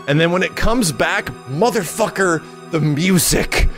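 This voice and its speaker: A man hosting a gaming channel, recapping a game preview in an excitable, profane way, full of fillers and hummed tunes. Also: high-pitched, measured pace, over music. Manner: excitable and profane, with lots of fillers and sung hums.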